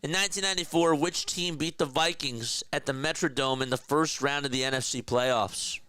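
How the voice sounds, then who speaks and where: Smooth-voiced casual play-by-play man. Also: on the high side, normal speed, sharp tone, no room sound. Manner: casual, chats with viewers between plays. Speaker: play-by-play streamer. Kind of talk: live play-by-play commentary.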